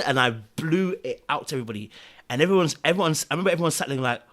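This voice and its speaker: A young man in casual podcast talk. He tells his story with energy, acting out the quoted lines, at an even middle pitch. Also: fast talker. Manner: animated storytelling, acts out quotes, fills with "da, da, da".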